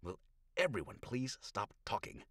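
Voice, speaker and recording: A man's voice: on the low side, sing-song, unhurried, pushed and bright, no echo, studio quality, pitched above the performer's own voice, exaggerated voice. A man voicing a stern male brain surgeon who talks in a clipped, exasperated way.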